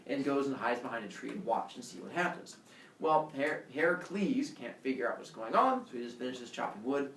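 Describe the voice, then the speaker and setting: A man, a teacher, telling a myth to a class in a playful, lively way with sound effects. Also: medium pitch, a little fast, slight background noise. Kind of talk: animated storytelling to a class. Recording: echoey room, mic far off.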